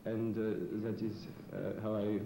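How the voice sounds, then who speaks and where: A man being interviewed on a television variety show, talking haltingly with many fillers in a put-on foreign immigrant accent. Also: fairly low pitch, flat delivery, vocal fry, mellow, reverberant, a little hiss or hum, poor audio. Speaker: comedian guest. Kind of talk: in-character talk show interview.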